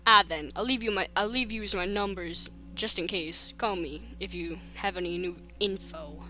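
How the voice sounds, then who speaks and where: A woman's voice: fairly low pitch, normal speed, sharp tone, soft background music. A woman doing a nosy Boston policeman. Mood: folksy. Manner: prying, folksy, overly familiar. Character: gruff suspicious male small-town policeman.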